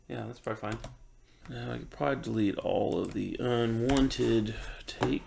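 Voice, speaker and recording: A man's voice: mid-range voice, normal speed, gravelly, a little mellow. A man musician thinking aloud in an easygoing, self-doubting way while he records in his home studio. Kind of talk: casual talk while recording.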